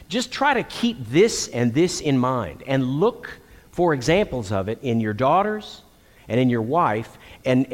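A middle-aged man from Texas, preaching to men in an animated storytelling way, acting out quotes. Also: mid-range voice. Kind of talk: sermon to men. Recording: long hall reverb.

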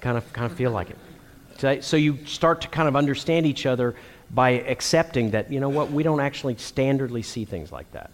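A middle-aged man preaching a sermon to men, telling stories and acting out the lines of the people in them. His voice sits at an ordinary pitch for a man. It rings with the long reverb of a large hall. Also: fairly quick. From Texas. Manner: animated storytelling with acted quotes.

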